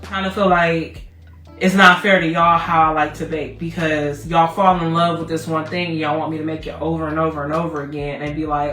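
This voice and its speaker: Loud cussing woman baking host, low-ish voice, sounds a bit far from the mic in a roomy space. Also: normal speed, faint music behind. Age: 30s. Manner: profane, loud comic rants. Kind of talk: casual livestream chat.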